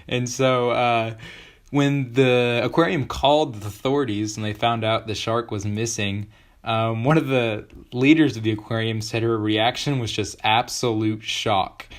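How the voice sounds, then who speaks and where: Joking teenage podcast host. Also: male voice, medium pitch, a little slow. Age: teens. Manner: joking, excitable, many fillers. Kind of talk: casual podcast chat.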